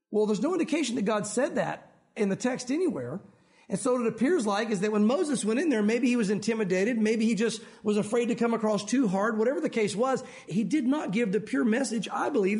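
A man with a high-pitched voice preaching a sermon. He talks in an easy, conversational way, drops in jokes, and slows down with pauses to stress a point. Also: expressive, darkish tone. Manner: conversational, joking, with emphatic pauses. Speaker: pastor.

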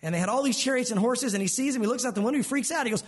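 A man preaching a sermon as a pastor, lively and animated, acting out the voices of the people in his stories. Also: extremely high pitch, rapid-fire, husky.

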